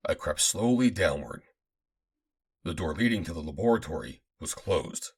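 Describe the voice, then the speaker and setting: A man reading a first-person adventure audiobook aloud, in a dramatic, expressive manner. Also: low-pitched, moderate pace, husky. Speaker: audiobook narrator.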